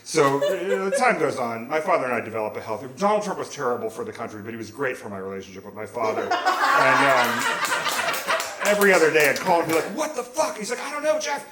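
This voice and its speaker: A man's voice: medium pitch, sing-song, fast, crowd noise. A man in his forties, telling a comic story on a small theater stage in a rambling, self-mocking way, laughing along as he goes. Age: 40s. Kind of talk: live comedic storytelling. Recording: roomy live theater sound.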